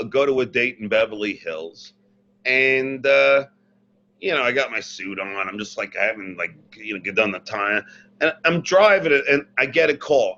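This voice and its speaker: A man telling a long prank story in casual chat, animated and self-mocking, recorded on his computer mic. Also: mid-range voice, dull audio. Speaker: podcast guest, former radio personality. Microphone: computer mic, not the podcast mic.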